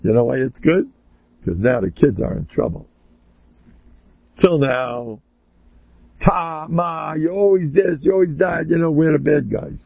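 Gravelly older man telling rambling stories. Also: fairly high pitch, measured pace, long pauses, no echo, lo-fi sound. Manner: chatty and joking, jumps to loud exclamations. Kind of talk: rambling storytelling sermon.

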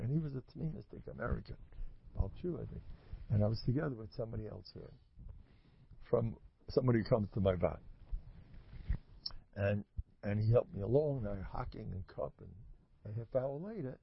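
Male lecturer, gravelly, rambling storyteller, muffled lo-fi recording. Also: fairly low pitch, lively intonation, normal speed, pauses often. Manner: rambling storyteller who acts out dialogue. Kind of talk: informal religious talk to an audience. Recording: muffled lo-fi recording with faint noise.

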